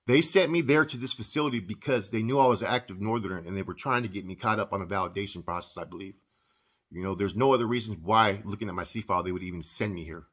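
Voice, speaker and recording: Husky-voiced man, blunt and profane, casual storyteller. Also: lowish voice, fairly bright tone. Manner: profane, blunt street talk. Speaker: former inmate telling his story.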